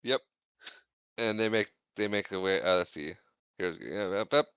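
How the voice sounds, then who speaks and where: With a deep, clear, resonant voice at normal speed, a podcast co-host goes over a film in relaxed conversation, the recording dry. He's lively and performs lines from it in comical voices.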